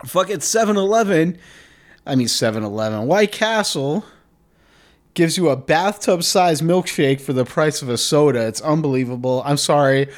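Solo comedy podcast host, male, somewhat high voice, profane and rambling, shifts distance from the mic. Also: animated, normal speed. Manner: moves closer to and away from the mic.

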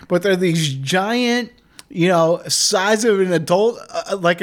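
A man hosting a solo comedy podcast, rambling and swearing, drifting nearer and farther from the mic. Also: high-pitched. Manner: profane, rambling, animated; moves closer to and away from the mic. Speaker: podcast host.

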